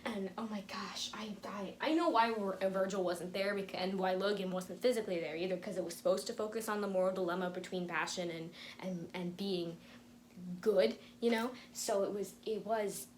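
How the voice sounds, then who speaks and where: A young woman reacting to an episode on her home vlog, gushing and excitable with frequent laughter and sudden whispers. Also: mid-range voice, normal speed, a little hiss or hum. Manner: gushing, breathless, laughing often, drops into whispers. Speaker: reaction video host. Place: home room with tripod camera. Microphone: camera on tripod.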